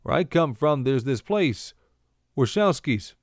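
A man's voice: mid-range voice, very animated, measured pace, no room sound, clean studio sound. A man doing a one-upping Polish bar patron. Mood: boastful.

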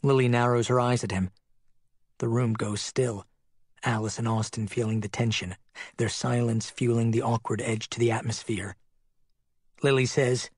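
A man narrates a dramatic audiobook at a measured, steady pace. His voice is husky and mid-pitched. It is recorded close and dry, with no room sound. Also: no room sound.

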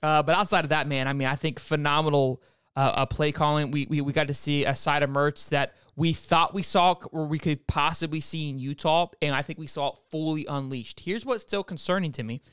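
Male fan-show host, casual football breakdown to viewers, restarts often, smooth voice, dry close recording. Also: on the high side, a little fast, no room sound. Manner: animated, frequent restarts, talks straight to viewers.

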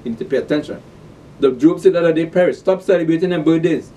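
A man's voice: a little high, fast, warm tone, far from the mic. A man preaching a sermon, reading scripture aloud and pressing his listeners with repeated rhetorical questions. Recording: voice set back from the mic.

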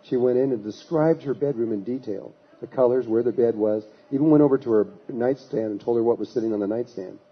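A spiritual teacher telling a long story in a husky, middle-pitched voice. He often stops and restarts his sentences as he goes. The recording sounds dull and lo-fi. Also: fairly quick, few pauses. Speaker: spiritual teacher giving a talk. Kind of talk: anecdotal storytelling talk.

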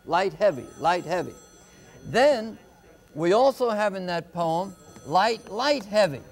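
A man tutoring on a live call-in homework show, explaining poetry slowly and patiently, step by step. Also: high-pitched, lively intonation. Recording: telephone-era broadcast.

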